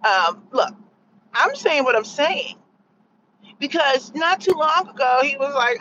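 Woman vlogger, mid-pitch, sarcastic and rambling, muffled lo-fi phone audio with faint road noise. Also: expressive, measured pace, fairly bright tone. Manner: sarcastic, rambling, lots of fillers. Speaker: vlogger sharing opinions. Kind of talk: casual opinion monologue.

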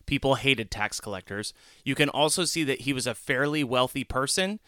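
A man co-hosting a casual Bible study podcast, earnest and lively when retelling scenes. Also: mid-range voice, moderate pace, clean tone, no room sound, clean studio sound. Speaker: podcast co-host.

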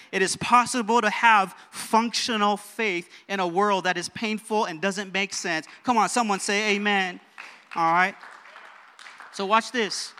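Energetic young male preacher with a bright, forceful voice, echoing in a reverberant church sanctuary. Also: high voice, smooth. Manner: energetic, calls for amens from the crowd. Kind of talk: sermon.

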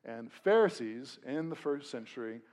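A young adult man preaching a sermon, conversational and animated, with jokey asides while reading scripture. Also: mid-range voice, moderate pace. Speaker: pastor.

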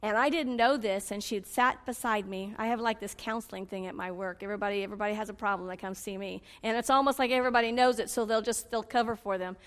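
A woman preaching a sermon, swinging between loud pleading cries and low confiding asides. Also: fairly even intonation, quick pace, few pauses, long reverb tail.

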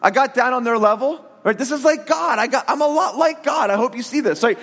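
A middle-aged pastor with a high voice preaches to his congregation, talking as if chatting with friends and acting out little quotes in his stories. His voice carries a long reverb from the hall around him. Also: a little fast, gravelly. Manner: conversational, animated storytelling with acted quotes. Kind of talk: sermon.

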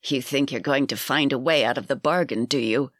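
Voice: medium pitch, lively intonation, unhurried, a bit bright, no echo, clean studio sound. A storyteller voicing a scheming, harsh old crone who hisses and wheedles in a storybook reading. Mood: scornful. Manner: hissing, wheedling.

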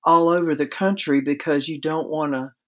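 A woman's voice: low-pitched, steady tone, moderate pace, a bit bright. A woman guest on a podcast interview, explaining writing craft in a conversational way with practical examples.

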